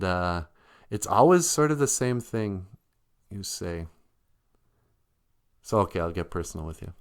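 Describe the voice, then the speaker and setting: A man with a lowish voice hosts a show, talking in an unhurried, rambling way. He gets emotional, laughs often and lets his sentences trail off. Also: smooth. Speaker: show host. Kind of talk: rambling personal talk.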